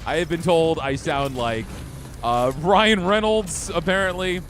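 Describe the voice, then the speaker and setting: A man's voice: fairly high pitch, a little slow, a bit bright, a little hiss or hum. A young man streaming a game, chatting casually and easygoing with his viewers. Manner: easygoing, chatty, talks to chat. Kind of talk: casual gameplay chat.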